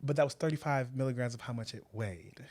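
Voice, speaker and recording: A man co-hosting a podcast, telling a story in a casual, animated way and often breaking into laughter. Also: fast talker. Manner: animated, laughing, swings loud and high when telling the story. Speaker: podcast co-host.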